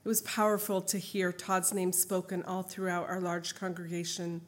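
A woman's voice: on the low side, little pitch movement, moderate pace. A middle-aged woman sharing her family's story as a mother, reading from her account and then telling an anecdote off-script in an earnest, emotional way.

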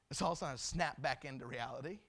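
A middle-aged man preaching a sermon, telling a story and then dropping to hushed, solemn tones for emphasis. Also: medium pitch. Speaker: pastor.

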